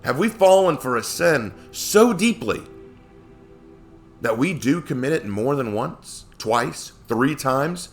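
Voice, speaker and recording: A man's voice: mid-range voice, lively intonation, slow, faint music behind. A man giving a casual Bible lesson, talking conversationally and asking many rhetorical questions. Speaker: Bible teacher.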